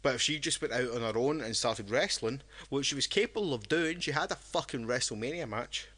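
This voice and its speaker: Tipsy podcast co-host, bright and rambling, tripping over his own words. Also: medium pitch, lively intonation, fairly quick. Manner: rambling, with many restarts. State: drunk. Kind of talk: casual podcast chat.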